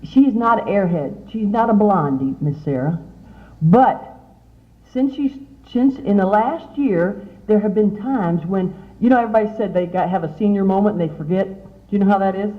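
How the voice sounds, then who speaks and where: A woman's voice: mid-range voice, normal speed. Chatty middle-aged woman, tinny recording. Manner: chatty, animated, asks the audience many questions. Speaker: speaker at a youth conference. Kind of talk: motivational talk to teen girls. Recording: tinny, phone-like lo-fi sound.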